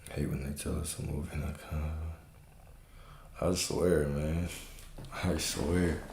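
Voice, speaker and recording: A man giving a relaxed livestream spiritual talk as a coach, repeating points and checking in with rhetorical questions. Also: rumbling low, slow, vocal fry. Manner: relaxed, repetitive, checks in with "okay?". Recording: roomy echo.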